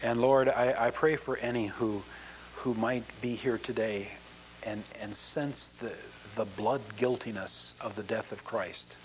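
A man's voice: medium pitch, fairly even intonation, slight background noise, poor audio. A man preaching as a pastor, telling stories and then leading an earnest prayer. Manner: earnest storyteller, slows in prayer. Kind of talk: sermon and prayer.

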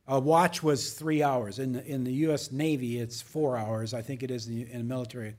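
A man's voice: medium pitch, moderate pace, darkish tone. A man preaching a verse-by-verse sermon as pastor, reading verses with emphasis and adding casual asides to the congregation.

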